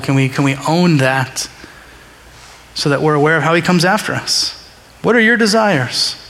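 A man's voice: fairly high pitch, fairly bright tone, in a large hall. A man preaching a sermon to his congregation in a conversational, emphatic way, repeating key phrases for weight. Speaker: pastor. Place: church sanctuary during a service.

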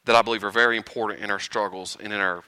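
A man preaching a sermon, animated and often chuckling, building to rhetorical questions. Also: on the low side, very fast, clean tone, dry recording.

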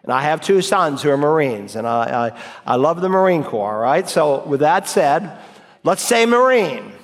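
Middle-aged guy preaching, high voice, emphatic, long church-hall echo. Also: very animated, normal speed. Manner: emphatic, building to forceful exhortation. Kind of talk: expository sermon.

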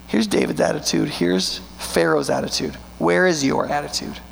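A male pastor with a high, gravelly voice delivers a sermon, pressing points home with rhetorical questions and words drawn out for weight. His voice rings with long reverb in a large church sanctuary. A faint electrical hum sits under the recording. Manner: emphatic, rhetorical questions, slow stressed words.

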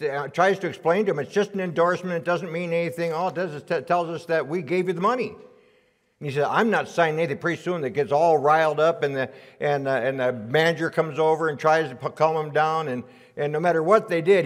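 A man delivers a sermon in a church, his voice sitting a little high. He tells stories in a folksy way, stumbling over and repeating words. The sound carries a long reverb from the sanctuary. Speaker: guest preacher. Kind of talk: sermon with a joke.

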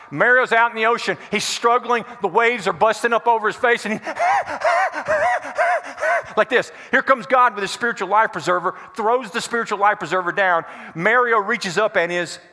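Pushed and bright, a man's high voice rings through the reverberant church hall. He's a pastor preaching before the congregation and testing them with call-and-response questions.

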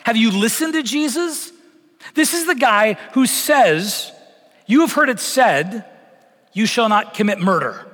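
A male pastor preaching a sermon in an animated, conversational way, mixing humor with earnest appeals. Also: very high voice, unhurried, big-room sound. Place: church sanctuary.

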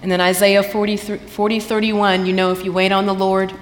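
A woman's voice: medium pitch, level tone, fairly quick. Woman, Southern accent, heartfelt testimony, quotes scripture, long hall reverb, light background hiss. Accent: Southern American. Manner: earnest, heartfelt, quotes scripture, laughs easily. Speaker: guest sharing her testimony. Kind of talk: personal testimony at a church women's event. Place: church event space.

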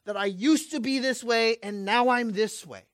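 A man preaching a sermon with passion, swinging between loud urgent peaks and hushed asides, and throwing rhetorical questions at his congregation. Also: very high voice, moderate pace, no echo, studio quality.

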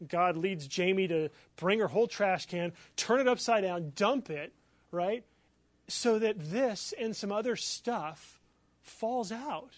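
A man preaching as a pastor, telling a personal story in an animated, excitable way with many fillers. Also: sits high, no room sound. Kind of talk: sermon storytelling.

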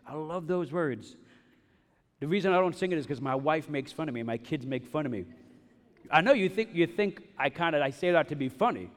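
A man's voice: on the high side, animated, a little fast. Man preaching in a reverberant sanctuary. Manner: emphatic, repetitive preaching with humorous asides. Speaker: pastor. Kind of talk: sermon. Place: church sanctuary. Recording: long reverb of a large hall.

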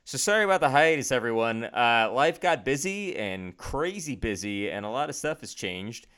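A young man on a podcast, rambling in a self-deprecating way and filling gaps with ums and uhs. His voice is smooth and clear at a middle pitch, recorded on a home studio mic. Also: big pitch swings, normal speed, a bit bright. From Chicago area. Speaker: podcast co-host. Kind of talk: casual chat. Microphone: home studio microphone over a video call.

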